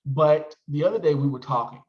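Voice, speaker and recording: Man, 40s, expressive casual vlogger; roomy, slightly muffled recording. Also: on the high side, a little fast. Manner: chatty, expressive, calls viewers "honey". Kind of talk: casual chat to camera.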